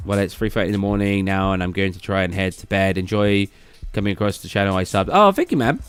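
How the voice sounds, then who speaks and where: A man's voice: low voice, completely flat delivery, quick pace, smooth, no echo, faint music behind. A young British man chatting casually with viewers on a late-night stream, rambling with lots of fillers and restarts and reading chat aloud.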